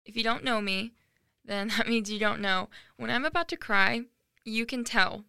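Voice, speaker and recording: A woman's voice: on the high side, normal speed, gravelly, sharp tone, clean tone, no echo, studio quality. A teenage girl talking casually and candidly about her own life, chatty and self-deprecating. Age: teens. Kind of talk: casual personal monologue.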